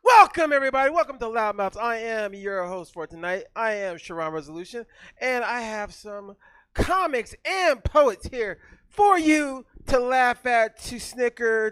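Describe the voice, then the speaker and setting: A man hosting a comedy show on a theater stage, loud and hyped, working the crowd with animated banter into a stage mic. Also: sits high, slow pace, smooth, no echo.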